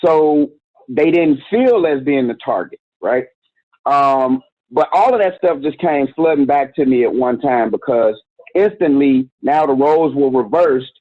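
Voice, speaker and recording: A man's voice: mid-range voice, expressive, unhurried, dry recording. A man in his forties, a youth organization director and interview guest, telling a story in a candid, slangy, conversational way. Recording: tinny phone-like dry sound.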